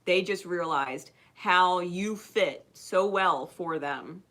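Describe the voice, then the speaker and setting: Bright-voiced woman, emphatic and profane. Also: lowish voice, takes it slowly. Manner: emphatic, swears constantly, laughs often. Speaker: spiritual card reader. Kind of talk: casual unscripted monologue to viewers.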